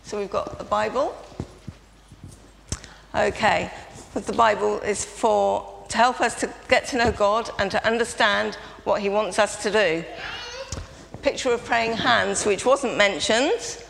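Woman leading a family-service children's talk in a reverberant church, slight fry, coaxing congregation participation. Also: medium pitch, unhurried. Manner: lively, prompting audience participation. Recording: reverberant church, faint background noise.

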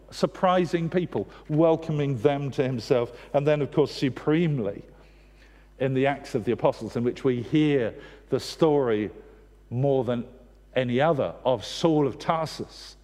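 A man's voice: a little high, unhurried, dark tone. A man preaching a sermon, earnest and direct, with wry humorous asides. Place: church. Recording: long church reverb.

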